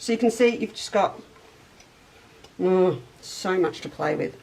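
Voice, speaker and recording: A woman's voice: on the low side, measured pace, gravelly, darkish tone, rough recording. A middle-aged woman hosting a casual live sewing chat, greeting viewers by name as she goes. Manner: chatty, greets viewers by name, eats on air. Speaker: shop owner and livestream host.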